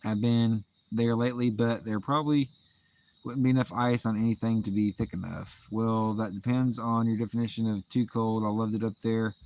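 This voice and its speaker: Speaking at normal speed with a fairly low pitch, a Southern man laughs and chats through a nighttime outdoor fishing livestream, reading out comments from his audience in an easygoing drawl. There's no room sound, and the recording quality is low.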